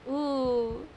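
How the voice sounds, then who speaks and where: A woman streaming a game live, reacting excitedly with yelps, laughter and chatty commentary. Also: extremely high pitch, a little hiss or hum.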